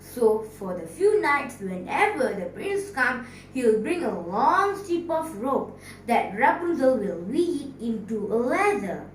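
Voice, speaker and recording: A woman teacher telling a fairy tale in a storytelling competition, dramatic and expressive, recorded from a distance in an echoey room. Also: a little high, slow, a little hiss or hum. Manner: expressive, dramatic storyteller asking the audience questions.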